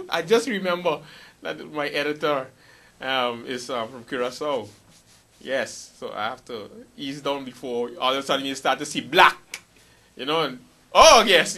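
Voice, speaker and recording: Guy hosting a goofy late night show, kinda high bright voice, rambles and trips over his words a lot. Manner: meandering, hesitant, stumbling over words. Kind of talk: rambling comic monologue.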